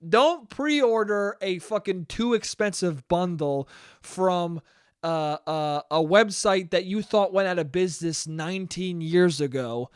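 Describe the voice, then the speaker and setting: A man hosting his own podcast, telling stories in a casual, profane way and often laughing at himself. His voice is fairly high and smooth. The sound is dry and close. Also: unhurried, no echo. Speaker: podcast host. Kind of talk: casual solo storytelling podcast.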